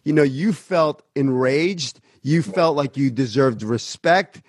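A man's voice: medium pitch, unhurried, hardly any pauses, no echo, clean studio sound. A man hosting an interview, an acting coach who speaks enthusiastically and explains his method. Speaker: podcast host and acting coach. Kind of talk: interview conversation.

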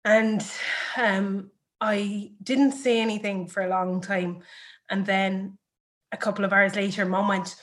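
A woman in her thirties talks through a personal experience in a conversational interview. Her delivery is candid and reflective. She often pauses on fillers and restarts her sentences. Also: mid-range voice, little pitch movement, a bit bright. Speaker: interview guest.

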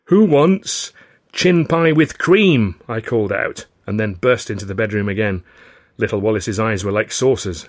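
A man reading his own novel aloud in first person, with wry, measured storytelling. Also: lowish voice. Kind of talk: first-person audiobook narration.

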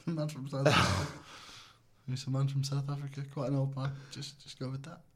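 A man co-hosting a comedy podcast in casual chat, swearing often and jumping between quiet asides and loud bursts. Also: medium pitch, level tone, moderate pace. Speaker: podcast co-host.

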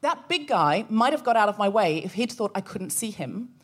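Woman, podcast co-host, animated live storytelling on stage. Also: medium pitch, moderate pace. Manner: animated, acts out voices in stories. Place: live show venue.

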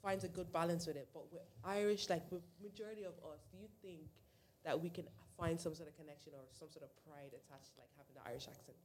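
A host leading a casual group discussion, asking probing questions in a quick, loose way. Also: mid-range voice, steady tone, a little mellow. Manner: rapid, probing questions, many "like" fillers.

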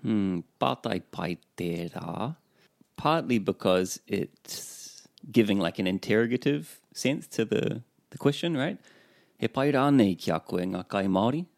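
A man with a low, gravelly voice co-hosts a relaxed language lesson. He repeats phrases back and asks questions to check his understanding. The sound is dry and close. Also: measured pace, dry recording. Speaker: co-host and learner.

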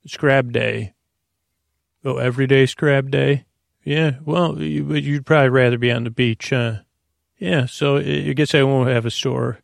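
Male sleep-podcast host, goofy and meandering, gravelly, dry close mic. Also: mid-range voice, little pitch movement, moderate pace, no echo. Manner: goofy, meandering, full of self-corrections. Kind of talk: rambling sleep podcast monologue.

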